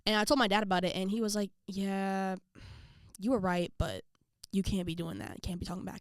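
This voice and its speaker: Young woman telling a lively story. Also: brisk, no room sound, clean studio sound. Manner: animated, acts out quotes with pitch jumps and asides to viewers. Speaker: vlogger. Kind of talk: casual storytelling to camera.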